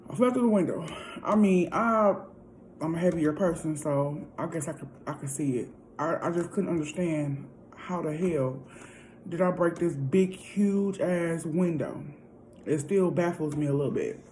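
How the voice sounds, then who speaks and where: A woman's voice: low-pitched, a little slow, a little mellow, a little hiss or hum, poor audio. A woman vlogger telling a story in a casual, chatty way, often calling out to her viewers directly. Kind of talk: casual storytime while eating.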